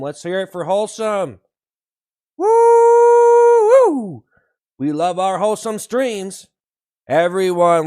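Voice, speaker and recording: A man hosting a livestream, shouting repeated whoops between slow, sarcastic slogans praising himself to his viewers. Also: a little high. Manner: sarcastic, ironic self-praise. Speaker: livestream host. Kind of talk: mock-hype livestream chat with viewers.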